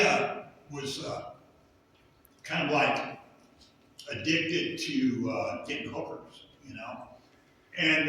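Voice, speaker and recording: A middle-aged man sharing his recovery testimony in a halting, rambling way with many fillers. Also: fairly high pitch, pushed and bright, slight background noise. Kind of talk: personal testimony. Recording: echoey hall from far off.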